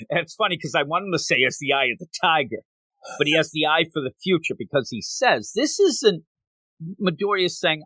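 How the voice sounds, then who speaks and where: A man hosting a podcast, recapping a manga chapter in a lively casual chat and laughing often. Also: fairly high pitch, fairly quick, dry recording. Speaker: podcast host.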